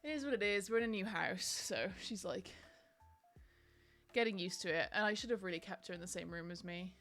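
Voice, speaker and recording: A young woman talks casually to her stream at a middle pitch, wandering from thought to thought with plenty of ums and likes. Soft music plays faintly behind her. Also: fairly quick. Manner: chatty, rambling, frequent ums and likes. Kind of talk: casual chat on a live stream.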